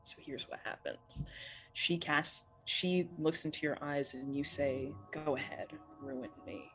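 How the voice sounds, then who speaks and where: A woman narrating a tabletop game as game master, telling the story slowly and deliberately. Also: low-pitched, steady tone, fairly bright tone, faint music behind, rough recording.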